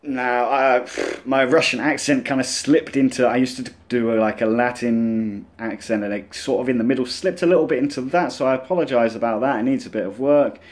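Brief: scam-baiting vlogger man, medium pitch, casual and rambling. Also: fairly quick, few pauses. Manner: chatty and rambling, many uh and um fillers. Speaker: scam-baiting channel host. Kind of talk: casual vlog talk to camera.

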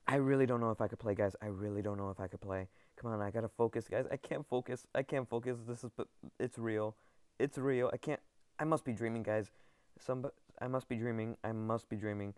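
A man giving excited gameplay commentary to his viewers. He stammers and repeats himself and keeps calling them guys. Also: mid-range voice, brisk, clean tone, no echo, clean studio sound. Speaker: gaming video creator.

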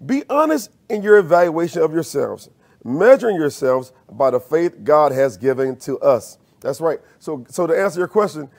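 A man's voice: a little high, lively intonation, moderate pace, a little mellow. A man preaching a sermon as minister, using call-and-response and rising to emphatic peaks.

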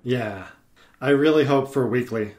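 Male podcast guest, mid-pitched, eager and rambling, casual. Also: unhurried, darkish tone. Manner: eager, rambling, many fillers and restarts. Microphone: podcast microphone.

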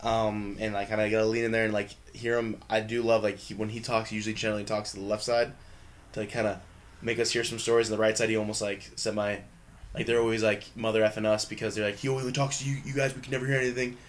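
A young man with a fairly low voice spins casual sports stories in a quick, loose rush. He laughs often and swears without a second thought. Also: monotone. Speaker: guest, pro football lineman. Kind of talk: casual storytelling.

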